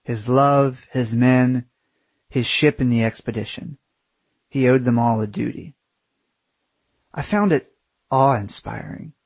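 Man, husky voice, casual storytelling, profane and sarcastic, dry close sound. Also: mid-range voice, takes it slowly, pauses often, dry recording.

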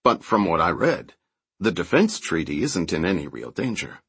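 A man voicing a level-headed male adventurer who explains things in a measured way, in an audiobook reading. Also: sits low, very animated, a bit bright, breathy edge, no room sound, exaggerated voice. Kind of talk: audiobook character voice.

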